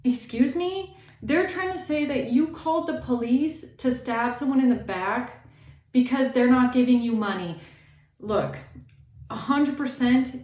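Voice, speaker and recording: A woman's voice: high-pitched, unhurried, a little mellow, roomy sound. A woman tarot reader giving a blunt, indignant reading and swearing freely.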